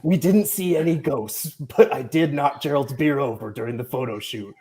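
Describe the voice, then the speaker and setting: A man doing a deep, smooth radio announcer voice for a beer ad. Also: normal speed, dark tone, a little hiss or hum, close to an everyday voice.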